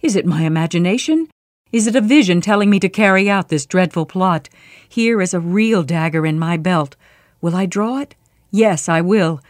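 A woman's voice: on the low side, expressive, normal speed, dry recording, studio quality, close to an everyday voice. A woman doing a troubled, wavering nobleman. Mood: frantic. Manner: mumbling, fretful, at times urgent.

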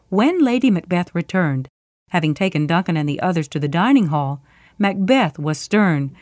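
A woman's voice: on the low side, moderate pace, no room sound, studio quality. Woman reading a storybook aloud. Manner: clear, steady reading. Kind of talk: storybook narration.

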